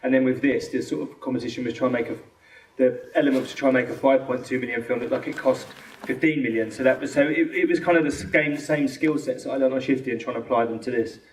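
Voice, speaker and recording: A man with a London accent, a film director answering questions after a screening, talking quickly with many restarts and acted-out quotes. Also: medium pitch, steady tone, slight background noise. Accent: London English. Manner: fast, rambling, full of restarts and quoted dialogue. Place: cinema auditorium. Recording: echoey hall from far off.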